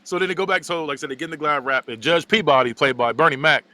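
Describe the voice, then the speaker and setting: Male podcast host, quick and animated recap, higher-pitched voice, laughs between lines. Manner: animated storytelling, laughs often. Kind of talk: casual comedic movie recap.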